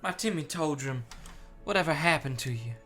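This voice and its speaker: A man voicing a fussy, doting elderly woman who coos and speaks slowly and sweetly. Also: fairly high pitch, lively intonation, a bit bright, soft background music, pitched above the performer's own voice. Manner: sweet, fussing, slow and cooing.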